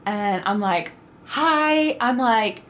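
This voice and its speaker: A young adult woman telling a personal story in a casual, animated vlog style, acting out her own quoted reactions. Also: on the high side, extremely slow, slight background noise. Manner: animated, dramatic retelling with quoted asides. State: pregnant (at the time told). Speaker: vlogger.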